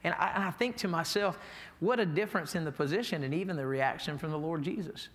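A man's voice: on the high side, fast talker, fairly bright tone. A man preaching a sermon as pastor, in a folksy, emphatic way, reading scripture. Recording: echoey hall.

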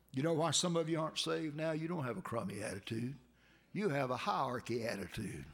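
A male preacher delivers a sermon with fervent emphasis. He climbs into high, pleading cries and then drops to low, earnest asides. His voice is gravelly and sits fairly high.

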